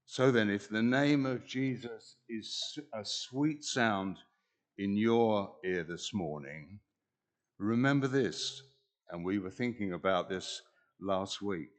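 A man preaching a sermon in an earnest, measured way, pausing deliberately between phrases. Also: fairly low pitch.

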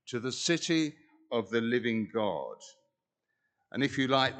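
A man preaching a sermon in an earnest, measured way, pausing deliberately between phrases. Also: mid-range voice, fairly bright tone.

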